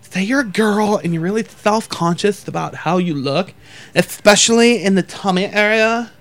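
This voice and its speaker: A podcast host tells crude comedy stories in a profane, rambling manner, performing other people's lines in exaggerated voices. His voice sits high with a fairly bright tone at normal speed.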